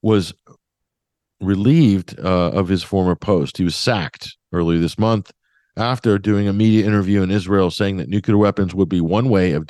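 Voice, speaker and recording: A man's voice: sits low, mellow, no room sound, studio quality. A man hosting a radio talk show, giving opinionated commentary in a sardonic, emphatic way with mocking asides.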